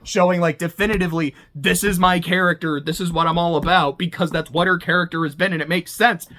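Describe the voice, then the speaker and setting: An anime reviewer talking casually, animated and profane, with stammering restarts. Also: mid-range voice, fairly quick, hardly any pauses. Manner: animated, swearing, stammering restarts, laughing asides. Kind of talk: casual chat.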